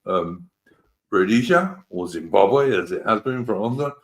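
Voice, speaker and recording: A man's voice: fairly low pitch, expressive, unhurried. A man hosting a casual political talk show, rambling and emphatic, with rhetorical questions. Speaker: host.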